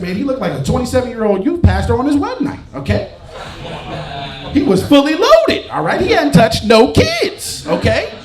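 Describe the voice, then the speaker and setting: A male comedian telling stories in a stand-up set at a live show, jumping to loud high bursts on his punchlines. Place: bar stage with live audience. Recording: roomy live venue, audience crowd, off-mic distance.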